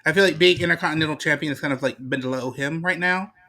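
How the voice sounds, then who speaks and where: A man co-hosting a casual chat, his voice sitting a little high and sounding very bright. He gives blunt, playful opinions in a loose, talky way. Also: quick pace. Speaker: podcast co-host. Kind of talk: casual chat about wrestling.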